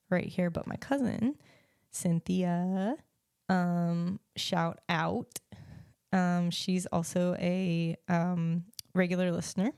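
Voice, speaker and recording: Chatty woman with a gravelly low voice. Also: mellow, no room sound, studio quality. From United States. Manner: chatty, rambling, many ums and restarts. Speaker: podcast host and life coach. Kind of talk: casual solo podcast chat.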